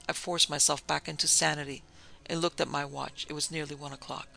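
Gravelly, sharp-toned male narrator. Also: on the high side, little pitch movement, fairly quick, poor audio. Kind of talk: audiobook narration of a gothic story.

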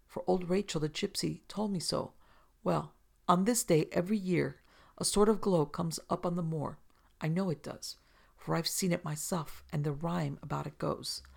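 A woman reading aloud and voicing an excitable young girl who eagerly tells a spooky tale. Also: low voice, creaky, full character voice. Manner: breathless, eager, insistent.

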